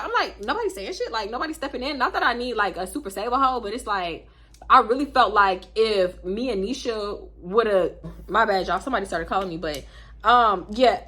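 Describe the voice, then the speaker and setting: A young woman with a Houston accent tells a casual storytime straight to camera. Her voice sits fairly high and sounds bright and sharp, and she talks fast. She keeps it slangy and animated, jumping into other people's voices as she goes. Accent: Houston, Texas. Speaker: storytime vlogger.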